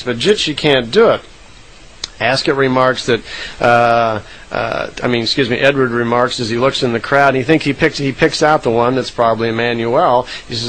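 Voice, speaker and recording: A man's voice: medium pitch, fairly even intonation, moderate pace, fairly bright tone, slight background noise, rough recording. A man casually retelling a recorded account, rambling with frequent "uh" fillers and self-corrections.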